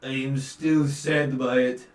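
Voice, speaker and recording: A man voicing a sad older man who speaks slow broken English and mourns a lost foster daughter. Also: medium pitch, little pitch movement, close to an everyday voice. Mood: mournful. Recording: roomy, distant mic.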